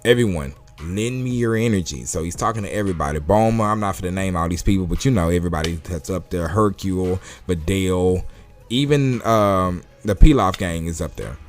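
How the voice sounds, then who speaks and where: A man's voice: low voice, fairly quick. Laid-back man reviewing manga. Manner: casual, chatty, laughs often. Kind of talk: casual chat. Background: faint music.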